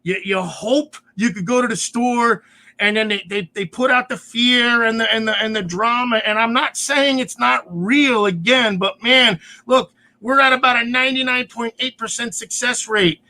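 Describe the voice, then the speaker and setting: A man with a strikingly high, sharp voice co-hosts a casual chat. He rants with excitable energy and raises his voice to a shout when worked up. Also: moderate pace. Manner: excitable, ranting, often shouts. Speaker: podcast co-host.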